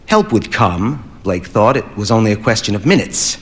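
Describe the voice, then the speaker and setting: A man narrating a short story as an audiobook, in a measured, even reading. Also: fairly low pitch.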